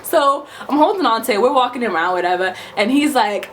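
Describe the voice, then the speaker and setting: Young new york girl ranting a storytime vlog, cussing a lot, kinda high voice, faint hiss. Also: fairly quick, hardly any pauses. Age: 20s. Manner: animated, profane, emphatic. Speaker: vlogger.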